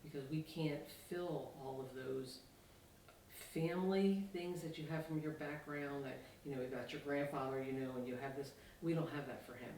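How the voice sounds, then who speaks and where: Guy talking slow and careful in a doc interview, lots of ums, mic kinda far, room echo. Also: on the high side, steady tone, darkish tone, a little hiss or hum. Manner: thoughtful, hesitant, many fillers. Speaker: school staff member and Kenny's host parent. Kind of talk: documentary interview. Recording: echoey room, mic at a distance.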